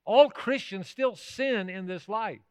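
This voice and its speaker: Brief: emphatic man preaching, high and bright, close dry mic. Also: takes it slowly, smooth, no room sound. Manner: emphatic, with rhetorical questions to the congregation. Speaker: pastor. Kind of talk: sermon.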